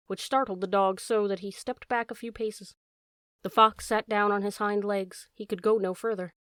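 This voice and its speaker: Lady reading a classic animal story, steady expressive delivery, mid voice, dry close mic. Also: medium pitch, dry recording. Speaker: audiobook narrator. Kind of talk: scripted narration.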